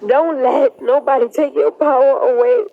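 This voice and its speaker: Crying high-voiced woman on a phone livestream. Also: steady tone, normal speed, vocal fry, phone-quality sound. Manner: emphatic, repetitive, defiant. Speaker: social media livestreamer. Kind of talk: emotional livestream monologue.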